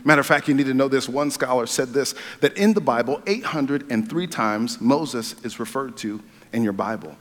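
A man of middle pitch preaching a sermon in a big church hall, his voice trailing into a long reverb. He jokes with the crowd and jumps into loud excited bursts, then settles into quieter earnest talk. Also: moderate pace, few pauses.

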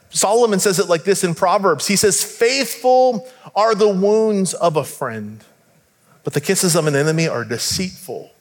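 High-voiced pastor preaching in a hall. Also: male voice. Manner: conversational, asks the congregation direct questions. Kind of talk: sermon.

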